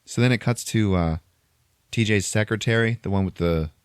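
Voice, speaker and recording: A young man hosts a podcast and retells a movie in casual chat, animated, profane and laughing along. His voice sits on the low side. The sound is close and dry. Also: moderate pace, smooth, dry recording. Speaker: podcast host.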